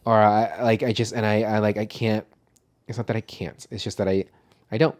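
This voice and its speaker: A man's voice: lowish voice, steady tone, normal speed, a little mellow. A man co-hosting a podcast in casual chat, rambling and swearing freely. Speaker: podcast co-host.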